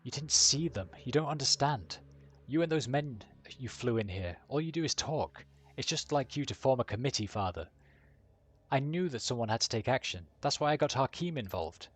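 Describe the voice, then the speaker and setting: A scared, bitter young daughter , read by a male streamer in a lightly raised voice. She speaks anxiously and turns on her father with sharp accusations. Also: medium pitch, lively intonation, moderate pace, husky. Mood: accusing. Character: frightened young woman, a rich man's daughter.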